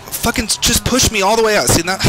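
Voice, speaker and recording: A man commentating his own sim race, swearing and yelling at other drivers, his heart racing. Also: sits high, a little fast. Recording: game music underneath. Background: game music and engine noise.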